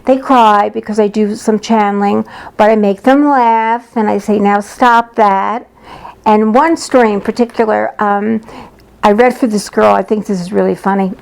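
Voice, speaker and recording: A woman's voice: medium pitch, fairly even intonation, moderate pace, creaky, darkish tone. A woman psychic reader telling stories about her work in a casual, lighthearted, blunt way. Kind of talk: casual personal storytelling.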